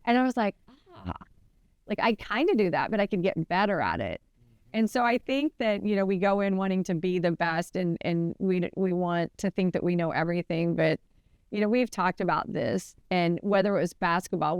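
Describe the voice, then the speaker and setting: A woman co-hosting a podcast, telling a story in a casual, chatty way, with many restarts and her voice climbing high when she quotes people. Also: clean tone, dry recording, muffled recording. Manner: animated retelling, voice rising high when quoting. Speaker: podcast co-host.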